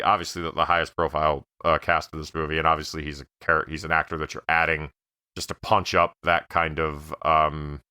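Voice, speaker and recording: A man with a very deep but bright and crisp voice gives his take on a film in a relaxed podcast chat. His speech is full of fillers, and it sounds dry and close to the mic. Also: no room sound. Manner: filler-heavy, measured. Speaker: podcast co-host. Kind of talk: casual movie review chat.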